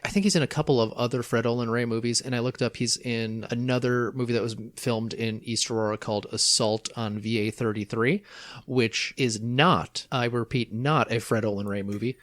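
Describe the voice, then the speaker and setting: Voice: medium pitch, fairly even intonation, normal speed, no echo. A podcast co-host chatting about movies, wry and full of local trivia and jokes. The voice is recorded dry and close, with no room sound. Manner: wry, trivia-heavy, joking. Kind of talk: casual chat about movies.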